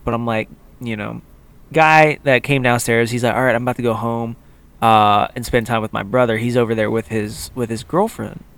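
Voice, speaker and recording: A young man co-hosting a casual podcast, telling a rambling story in a mid-pitched voice. He keeps jumping into the voices of the people in it, quoting them with lively emphasis. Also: moderate pace, smooth, no echo. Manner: animated, acts out quotes of others. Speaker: podcast co-host.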